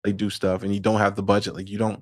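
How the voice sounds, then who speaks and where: A man's voice: lowish voice, little pitch movement, racing, no room sound, clean studio sound. A man who is a podcast guest, giving loose, casual advice with many fillers and restarts.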